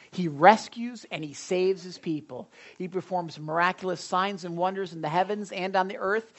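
Chatty pastor preaching a sermon. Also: medium pitch. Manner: chatty, stumbles and repeats words, asks the congregation questions. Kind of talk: conversational sermon. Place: church service.

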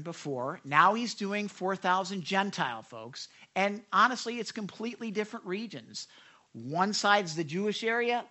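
A man's voice: high-pitched, bright, forceful tone. A man preaching a sermon, talking conversationally, asking the congregation questions and acting out quoted voices. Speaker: pastor.

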